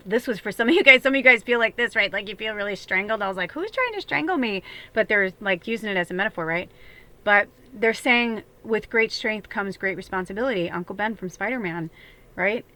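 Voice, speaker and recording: Lady tarot reader rambling on, bright tone, lots of likes and ums, swears now and then. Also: medium pitch, fairly quick. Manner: chatty, rambling, many fillers and repeats; swears casually. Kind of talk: casual spiritual reading.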